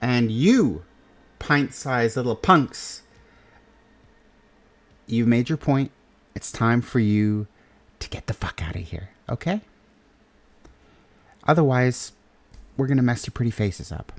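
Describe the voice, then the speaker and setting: A man's voice: mid-range voice, lively intonation, slow pace, pauses often. A man voicing a brash, crude woman mutant leader who taunts and threatens a crowd. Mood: taunting.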